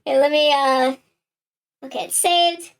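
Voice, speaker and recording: High-voiced woman streamer, gushing. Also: steady tone, unhurried, creaky. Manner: gushing, playful, swears casually. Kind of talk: casual live-stream chat.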